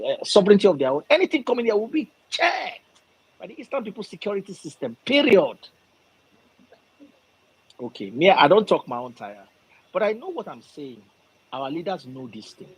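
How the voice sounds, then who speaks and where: A man's voice: high-pitched, big pitch swings, brisk, breathy edge, poor audio. A Nigerian man from the southwest making an impassioned political argument, emphatic and repetitive. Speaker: discussion participant.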